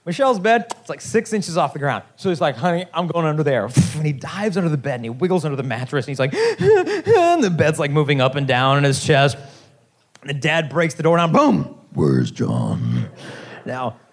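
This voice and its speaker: A man's voice: on the high side, fairly quick. A man in his thirties speaking to a teen assembly, telling jokey stories and talking straight to the crowd. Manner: lively, jokey, addresses the crowd directly. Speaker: youth chastity speaker. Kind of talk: animated storytelling talk to a teen assembly.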